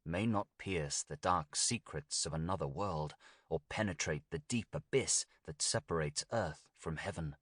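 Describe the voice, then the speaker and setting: A man voicing a grave, commanding old male sorcerer in a storybook reading, speaking in a solemn, measured way. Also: low voice, fairly bright tone, no echo, clean studio sound. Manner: solemn, archaic, measured delivery.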